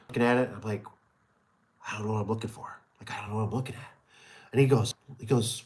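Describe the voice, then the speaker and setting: A man's voice: mid-range voice, fast talker. A middle-aged man who runs a garage door business, chatting casually in a rambling, folksy way with many fillers. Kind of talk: casual chat.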